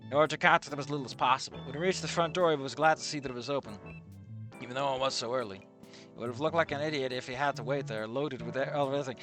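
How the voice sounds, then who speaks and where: A man's voice: fairly high pitch, quick pace, sharp tone, faint music behind. A man reading a story aloud casually and commenting on it with sarcastic, swearing asides. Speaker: reader and commentator.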